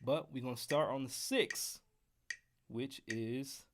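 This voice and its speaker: A man's voice: mid-range voice, slow pace, fairly bright tone, a little hiss or hum. An American man teaching trumpet scales on a live stream, casual and joking with the chat. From United States. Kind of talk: live-streamed music lesson.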